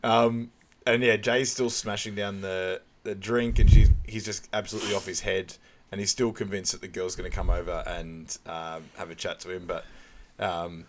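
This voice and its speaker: Low-voiced man, laid-back chat. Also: level tone, normal speed, slight background noise. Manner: laid-back, laughs often, acts out quoted lines. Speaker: podcast co-host. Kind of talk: casual film recap chat.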